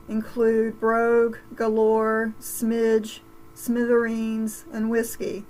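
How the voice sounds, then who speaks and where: Gravelly woman on a video call. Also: fairly high pitch, slight background noise, low-quality recording. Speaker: course instructor. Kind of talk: class preview talk.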